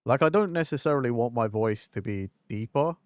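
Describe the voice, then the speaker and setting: A male streamer chats loosely over his gameplay, blunt and self-mocking, with plenty of casual swearing. His voice sits at an ordinary middle pitch. The sound is close and dry, with no room around it. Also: animated, fairly quick, darkish tone, no echo. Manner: candid, swears freely, laughs at himself.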